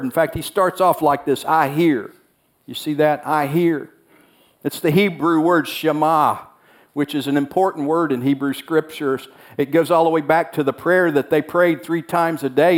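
A man preaching a sermon, earnest and repeating key phrases as he voices the prophet's words. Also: a little high. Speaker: pastor.

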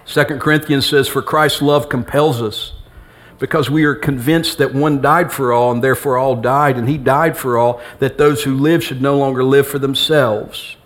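The sermon comes from a middle-aged male pastor whose medium-pitched voice stays steady at normal speed, addressing a congregation in the sanctuary. He jokes, talks conversationally, and acts out pieces of dialogue.

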